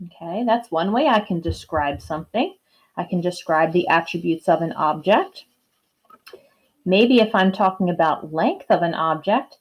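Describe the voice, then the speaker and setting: A woman teaching kindergarten in a video lesson, speaking in a slow, exaggerated, sing-song way to young children. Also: mid-range voice, lively intonation, poor audio.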